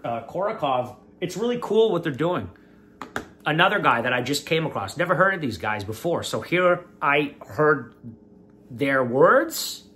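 A man hosting his own channel, casually commenting on an interview and speaking directly to his viewers in a preachy, animated way. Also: on the high side. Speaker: vlogger, channel host.

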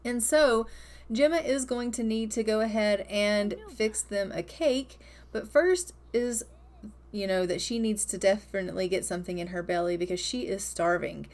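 A woman's voice: mid-range voice, moderate pace, darkish tone. A woman narrating her life-simulation gameplay in a chatty, upbeat way, stretching and repeating words for emphasis. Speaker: gaming video host.

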